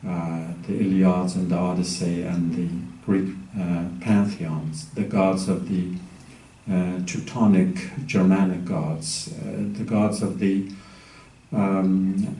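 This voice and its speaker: A man giving a measured academic lecture, pausing often with ums and uhs. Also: low-pitched, warm tone. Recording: echoey room, mic far off.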